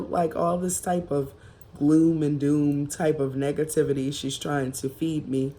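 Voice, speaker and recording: A woman vlogger telling a personal story in a casual, emphatic and reflective way, with drawn-out pauses. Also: low-pitched, little pitch movement, mellow.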